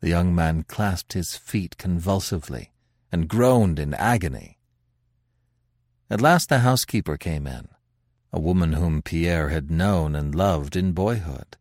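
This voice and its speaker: A man hosting a podcast, narrating a classic tale in a dramatic, expressive reading with swelling emphasis. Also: sits low, a little slow, dry recording, studio quality.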